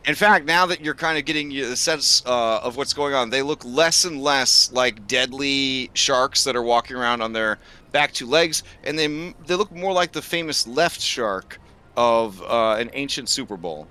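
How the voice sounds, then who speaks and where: Male game master, bright and rambling, with plenty of fillers while he narrates. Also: mid-range voice, moderate pace, smooth. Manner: rambling, full of fillers and restarts.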